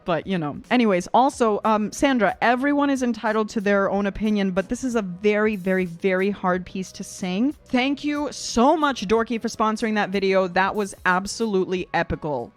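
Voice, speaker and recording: A young woman who is an opera singer and vocal coach, chatting excitedly as she reacts and explains singing technique. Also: medium pitch, a little fast, hardly any pauses. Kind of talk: casual reaction commentary.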